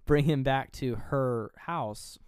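A man's voice: mid-range voice, slow, a little mellow, smooth, no echo, clean studio sound. A man co-hosting a podcast, casually retelling a horror movie scene by scene, rambling, swearing freely and laughing at himself. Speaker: podcast co-host.

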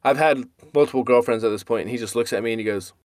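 A man's voice: mid-range voice, very fast, dry recording, studio quality. A young man co-hosting a casual podcast, telling rowdy stories with lots of laughing. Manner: laughing, animated storyteller. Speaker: podcast co-host. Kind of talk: casual chat, storytelling.

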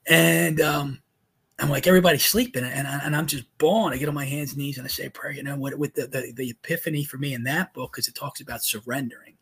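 A middle-aged man, a father and co-host, telling a personal story in a casual, earnest, animated way, acting out quotes. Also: mid-range voice, fast, breathy edge.

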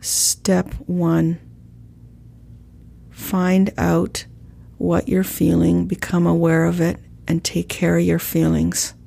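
A woman coaching on calming an angry person, talking in a calm, measured way and acting out sample lines. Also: on the low side, vocal fry. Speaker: communication coach. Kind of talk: instructional talk with role-play examples.

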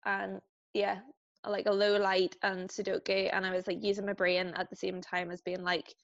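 Woman, giggly chatty, mid pitch, dull lo-fi recording. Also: completely flat delivery, normal speed, gravelly. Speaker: podcast co-host. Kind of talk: casual chat. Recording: dull lo-fi podcast audio.

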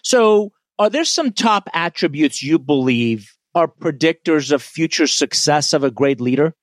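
A man hosting a podcast as a leadership coach, asking questions in a measured, admiring way and addressing his listeners. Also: a little high, lively intonation, dry recording, clean studio sound.

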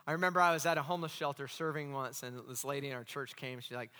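A man preaching a sermon as pastor, animated and asking the congregation questions. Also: fairly high pitch, fast, few pauses, clear, resonant tone, in a large hall. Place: church hall.

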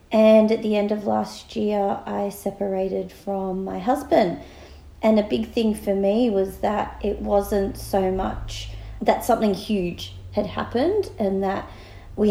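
Slow, gravelly Australian woman. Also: mid-range voice, mellow, reverberant, poor audio. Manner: chatty and giggly, with laughing asides. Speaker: podcast co-host. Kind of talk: casual podcast chat.

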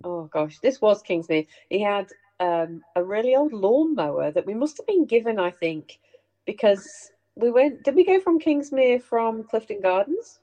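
A woman's voice: mid-range voice, moderate pace, highs cut off. Chatty middle-aged woman telling stories. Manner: chatty, animated, laughs through anecdotes. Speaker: host sharing family memories. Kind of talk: casual storytelling chat.

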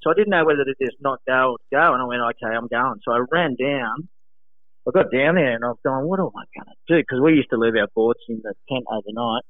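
A man, a former pro surfer, telling animated anecdotes in casual chat, acting out voices and laughing often. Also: medium pitch, fast talker, no room sound. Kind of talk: casual storytelling. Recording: dry, phone-like narrow sound.

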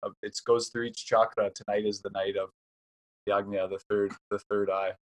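Soft-spoken hesitant male interviewer. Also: lowish voice, level tone, normal speed. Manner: warm, hesitant, searching for words. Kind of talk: conversational interview.

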